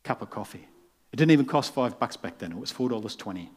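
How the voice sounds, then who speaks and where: A male pastor preaching in a church. He talks in a casual, storytelling way and acts out the people he quotes. His voice sits at an ordinary middle pitch. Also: expressive, fast talker, slightly rough. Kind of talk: sermon.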